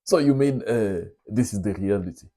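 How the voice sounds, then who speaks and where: A man's voice: on the low side, lively intonation, normal speed, warm tone. A young man hosting his own show, telling stories in a casual, confiding way and calling his listeners brothers. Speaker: vlog host. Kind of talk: casual storytelling monologue.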